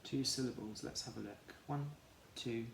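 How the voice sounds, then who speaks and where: A man teaching a children's phonics lesson, slowly sounding out letters and syllables in an encouraging way. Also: mid-range voice, creaky. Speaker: primary school teacher. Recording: echoey room, faint background noise.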